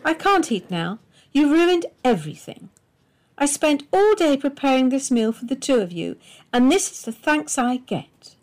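A woman voicing a bitter middle-aged wife who turns shrill and accusing, her voice cracking toward tears. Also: sing-song, measured pace, darkish tone. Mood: tearful.

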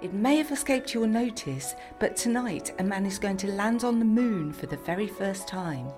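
A woman's voice: mid-range voice, voice pushed up, lightly acted. A woman voicing a spirited twenty-six-year-old woman, wry and exasperated.

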